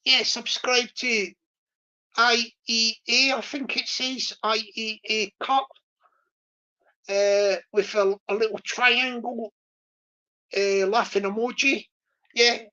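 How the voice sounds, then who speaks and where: A woman's voice: on the high side, fairly even intonation, takes it slowly, bright, forceful tone, low-quality recording. A woman hosting a casual livestream, rambling with lots of fillers and restarts. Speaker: livestream host.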